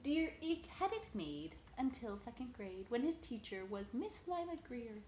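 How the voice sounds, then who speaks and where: A woman's voice: a little high, very animated, measured pace, darkish tone, roomy sound, a little hiss or hum, low-quality recording. A woman reading a children's picture book aloud at home, sing-song and playful, talking to a toddler between pages.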